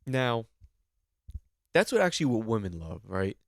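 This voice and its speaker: A man's voice: on the low side, sing-song, unhurried, creaky, no room sound, studio quality. A young man hosting a podcast, riffing in a rambling, profane, comedic monologue full of fillers. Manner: rambling, profane, lots of fillers and mock voices. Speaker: podcast host.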